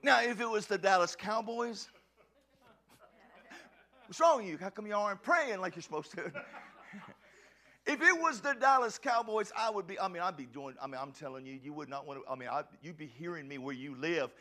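Passionate shouting preacher man. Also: high-pitched, expressive, moderate pace. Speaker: pastor. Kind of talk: sermon.

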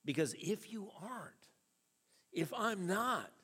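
A man delivers a sermon in a church hall, his voice sitting a little high and swinging widely in pitch. He preaches as a storyteller, chuckling along the way, and the sound carries a long reverb from the hall. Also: animated, slow, pushed and bright, husky. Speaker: pastor.

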